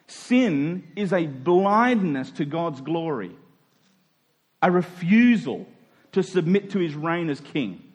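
Male pastor, sermon, high-pitched voice, emphatic, slows for emphasis. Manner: emphatic, slows down to stress key words.

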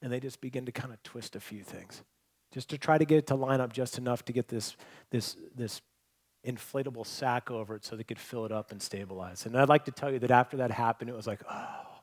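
A man preaching a sermon as pastor, telling stories, shifting between loud emphatic points and quiet, hushed lines. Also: mid-range voice, fast talker. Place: church hall with congregation.

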